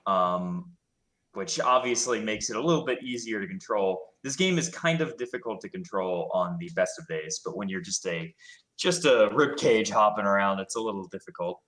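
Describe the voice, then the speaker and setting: A man's voice: on the low side, expressive, moderate pace, a bit bright. A man commentating a game stream, explaining the mechanics in a hesitant, explanatory way.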